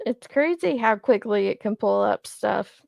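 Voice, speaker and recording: A woman's voice: medium pitch, expressive, a little slow, gravelly, darkish tone, no room sound, clean studio sound. A woman in her thirties, hosting a casual livestream and chatting loosely while she reacts to viewer comments. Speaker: commentary channel host.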